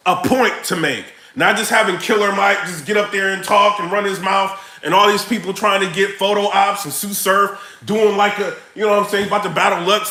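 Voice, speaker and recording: A man ranting to his viewers in a casual, joking way, slangy and animated. His voice sits high and sounds gravelly and bright. The sound echoes around the room. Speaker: vlogger. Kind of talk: casual rant to camera.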